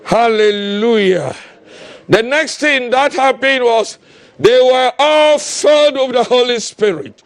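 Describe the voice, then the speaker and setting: A man preaching a fiery sermon, impassioned and often shouting, with repeated calls to the congregation. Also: very high-pitched, slow pace, dry recording.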